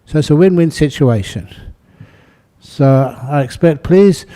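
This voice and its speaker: A man, a Buddhist monk, speaking calmly and gently to a meditation group, then guiding a meditation. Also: fairly high pitch. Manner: calm, unhurried, gently spoken. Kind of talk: talk and guided meditation. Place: meditation hall with an audience.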